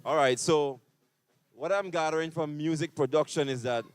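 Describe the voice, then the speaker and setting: A man with a Grenadian accent reporting from a music fair and interviewing people, brisk and guiding. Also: a little high, clean tone, no echo. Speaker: event reporter. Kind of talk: on-site event coverage.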